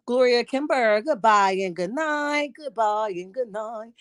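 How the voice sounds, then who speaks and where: A woman's voice: on the high side, animated, a little slow, clear, resonant tone, no echo, studio quality. A woman hosting a casual live-stream gossip chat, sassy, reading viewer comments aloud and calling everyone honey. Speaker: livestream host.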